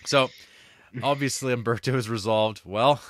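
A man co-hosting a film podcast, retelling the plot casually and acting out lines from the story with quick laughs. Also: on the low side, fairly bright tone, no room sound, studio quality. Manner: laughs while talking, many restarts. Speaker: podcast co-host. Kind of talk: casual film review chat.

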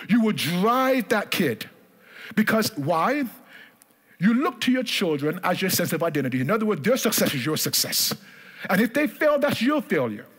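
A man's voice: sits high, fairly bright tone, husky. A male pastor preaching a sermon in church, emphatic and repetitive, calling on the congregation to answer.

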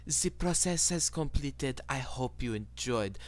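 A man voicing a calm, polite male attendant who speaks in smooth customer-service phrases. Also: mid-range voice, a little slow, pitched above the performer's own voice, natural voice. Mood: soothing. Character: smooth male attendant of an emotion-removing parlor.

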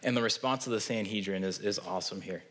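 A pastor with a Midwestern American accent preaches in a church sanctuary in a lowish, slightly bright voice at a fast clip. He's earnest and conversational, often checking in with "right?".

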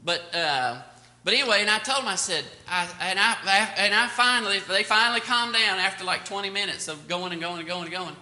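Older pastor, bright and echoey. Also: male voice, high voice, fairly quick. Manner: rambling storytelling with many fillers. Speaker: pastor teaching Sunday school. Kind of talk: anecdotal Bible lesson. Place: church classroom. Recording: echoey room.

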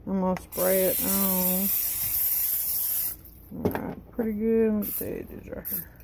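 This cooking vlogger sounds worn out and is losing her voice as she chats at home in the kitchen and reads the package instructions. She speaks at a measured pace in a flat, medium-pitched voice against a noisy background.

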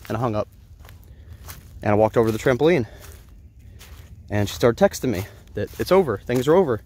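A man's voice: medium pitch, animated, a little fast, pauses often, darkish tone, breathy edge. A man telling a personal story in an earnest, rambling way, often restarting his sentences. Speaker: vlogger.

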